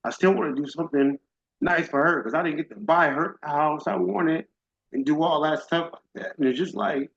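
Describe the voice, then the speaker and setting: A man's voice: fairly high pitch, normal speed, gravelly. Emotional middle-aged man giving testimony. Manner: emotional, faith-driven, casual and direct. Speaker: summit speaker. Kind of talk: heartfelt personal testimony. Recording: dull lo-fi audio.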